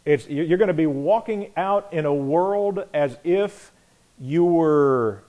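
A man preaching a sermon, animated, telling stories and asking rhetorical questions. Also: on the high side, takes it slowly, muffled recording. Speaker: pastor.

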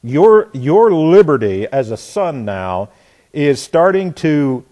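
A man's voice: a little high, sing-song, takes it slowly, warm tone. A man teaching a bible class in a conversational way, trailing off and restarting his sentences with frequent asides.

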